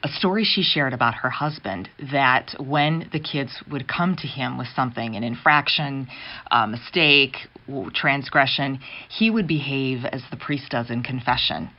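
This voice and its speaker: A woman hosting a radio interview, speaking in a reflective, measured way. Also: rumbling low. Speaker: radio host. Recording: dull muffled sound.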